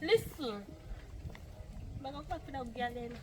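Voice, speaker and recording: A woman with a Jamaican accent, speaking quarrelsome patois dialogue in a low-budget film. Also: animated, moderate pace, a little hiss or hum.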